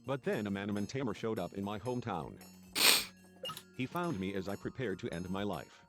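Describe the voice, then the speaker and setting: A man's voice: fairly low pitch, animated, brisk, loud music behind the voice. A man reading game dialogue and narration aloud in a let's play.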